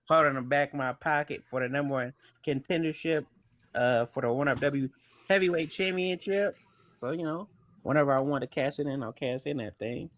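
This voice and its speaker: A man's voice: mid-range voice, fairly bright tone. A man on a wrestling talk panel, plugging his next show in a loose, rambling way with many fillers. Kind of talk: casual panel chat.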